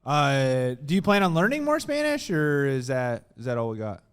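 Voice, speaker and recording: A man's voice: medium pitch, huge pitch swings, moderate pace, fairly bright tone, smooth. A man co-hosting a comedy podcast, dropping dry joking asides and questions. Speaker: podcast co-host.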